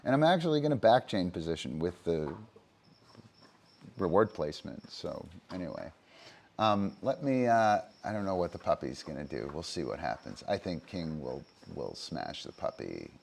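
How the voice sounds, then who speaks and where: A man with a very deep, low voice talks through his dog-training methods on a livestream. He speaks off the cuff, stopping often to say "um" and to check in with "right?". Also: sing-song, moderate pace, vocal fry, darkish tone.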